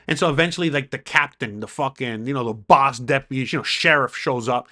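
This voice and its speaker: A man vlogging, telling a story to camera in an excitable way, swearing freely and acting out what people said. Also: medium pitch, a little fast, few pauses. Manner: excitable, swearing, acts out the quoted dialogue.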